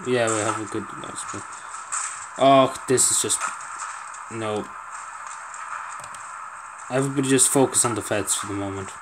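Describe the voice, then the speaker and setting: A man's voice: lowish voice, a little slow, pauses often, heavy background noise. A man giving casual let's-play commentary, exasperated and pleading, swearing often as things go wrong. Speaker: gameplay commentator.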